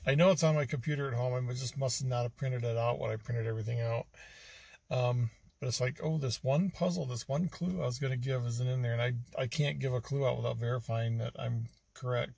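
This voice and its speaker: A man's voice: mid-range voice, steady tone, a little fast, vocal fry, no echo. A man talking casually and rambling to his vlog camera from inside a car, with lots of ums. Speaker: vlogger on a treasure hunt road trip. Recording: noisy car cabin, from the mic. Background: loud road and engine noise.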